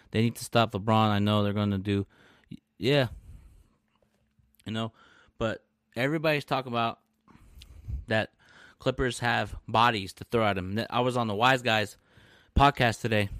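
A man hosts a casual live-stream talk show, all brash, animated trash talk. His voice sits at a medium pitch. The sound is dry and close to the mic, with no room echo. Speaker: podcast host.

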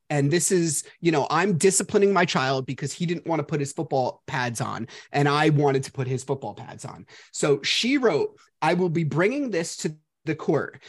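A man hosting a podcast, telling a story in a casual, profane way and mocking the people he quotes. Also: on the high side. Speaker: podcast host.

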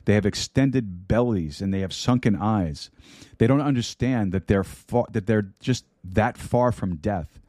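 A man's voice: on the low side, a little mellow, no echo. A male pastor preaching a podcast sermon in an earnest way, repeating key phrases for emphasis, into a studio microphone. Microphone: studio microphone with mute button.

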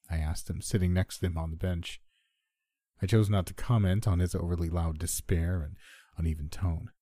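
In a close, dry recording, a man reads a scripted first-person horror story. His low, husky voice stays measured and subdued, dark and mellow in tone, with fairly even intonation.

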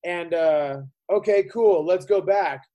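A man with a high-pitched voice tells a story in loose, casual chat. He rambles, restarts his sentences and swears often. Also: warm tone, low-quality recording. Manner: rambling, profane, halting.

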